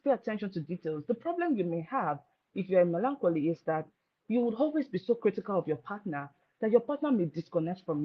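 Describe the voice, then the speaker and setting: Woman giving lively marriage advice. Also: mid-range voice. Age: adult, married. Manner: lively storytelling, acting out quoted voices. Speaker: marriage speaker. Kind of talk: informal advice talk. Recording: dull lo-fi sound.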